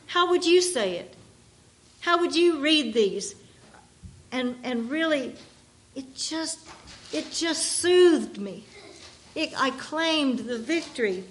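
A woman preaching a sermon, reading song lines slowly and with emphasis, often restarting her sentences. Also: sits high. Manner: slow, emphatic reading with drawn-out words.

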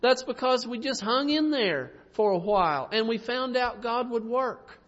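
A man preaching a sermon in a folksy way, asking the congregation tag questions and chuckling softly now and then. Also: very high-pitched, lively intonation, unhurried. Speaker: pastor. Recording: dull sound with long reverb.

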